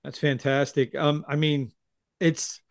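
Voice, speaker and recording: Higher-pitched male host, dry close sound. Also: fairly even intonation, slow, no room sound. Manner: empathetic, frequent soft backchannel murmurs. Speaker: podcast host. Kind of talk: conversational interview.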